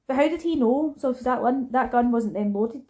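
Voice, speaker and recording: Mellow-voiced Scottish woman retelling a film. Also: on the high side, moderate pace. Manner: chatty, retells scenes by acting out lines. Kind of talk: casual film chat.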